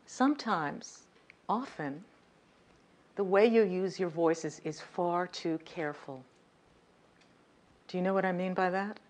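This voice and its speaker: A woman's voice: lowish voice, slow, pauses often, darkish tone. A woman leading a communication workshop, talking directly to her audience and stressing words to demonstrate her points. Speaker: communication coach. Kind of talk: workshop lecture. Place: lecture room.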